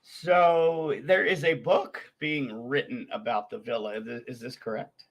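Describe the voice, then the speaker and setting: A man's voice: medium pitch, fairly even intonation, measured pace. A male podcast host asking questions and joking with his guest. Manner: joking, brief reactions. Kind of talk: casual podcast interview.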